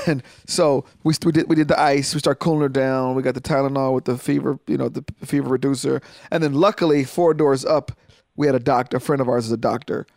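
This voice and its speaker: A man co-hosting a casual podcast chat, an animated storyteller who keeps cracking jokes. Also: medium pitch, a little fast, vocal fry, no echo, clean studio sound. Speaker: podcast co-host.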